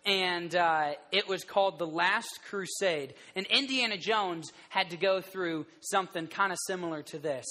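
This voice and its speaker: A man in his thirties preaching a sermon to a group, telling the story in an animated way with many restarts. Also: sits high, moderate pace, few pauses, long reverb tail. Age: 30s.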